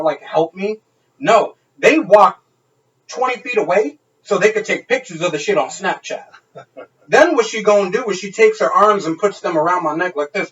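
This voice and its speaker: A man's voice: high voice, fairly bright tone, far from the mic, dull audio. A man on a podcast telling a wild night-out story in casual, profane, laughing chat. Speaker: podcast co-host.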